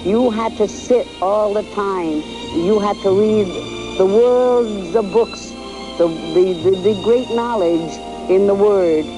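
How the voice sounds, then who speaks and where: An older woman from New York telling the story of her youth and marriage to her husband, in a halting storytelling way with repeated words and fillers. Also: mid-range voice, over music, low-quality recording. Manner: addresses her husband directly. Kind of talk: reminiscing in an archival interview.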